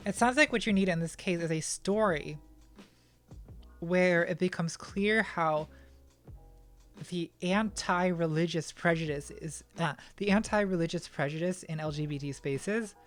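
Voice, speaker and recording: A woman's voice: fairly low pitch, normal speed, faint music behind. A woman answering viewer questions on a casual livestream, thinking aloud with a self-deprecating manner and frequent restarts, at a home streaming setup.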